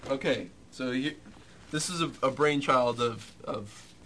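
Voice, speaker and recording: A man's voice: mid-range voice, slow, a bit bright. Laughing young man, radio co-host. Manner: joking, eager, laughs often. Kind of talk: casual radio banter.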